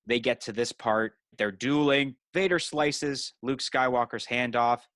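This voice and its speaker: A man's voice: mid-range voice, steady tone, a little slow, a bit bright, dry recording. A man co-hosting a podcast, retelling a movie in loose casual chat with lots of "you know" and "like" fillers. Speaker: podcast co-host.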